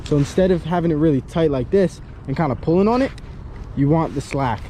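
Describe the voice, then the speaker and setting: A man's voice: fairly high pitch, brisk, dark tone, a little hiss or hum. Young male vlogger, slangy, rambling, chatty. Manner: slangy, laughing often, rambling. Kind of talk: casual vlog chat.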